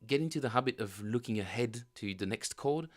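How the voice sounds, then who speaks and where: A man streaming his bass practice, explaining chord tones in a rambling, casual way with lots of fillers and self-corrections. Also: lively intonation, a little fast. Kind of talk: casual livestream teaching chat.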